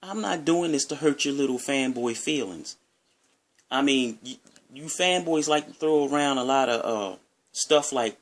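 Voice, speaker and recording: Man, Maryland accent, middle pitch; loose, rambling gaming vlogger, talks straight to camera. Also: animated, moderate pace. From Maryland, USA. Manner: rambling, conversational, repeats himself. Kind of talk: casual talk to camera.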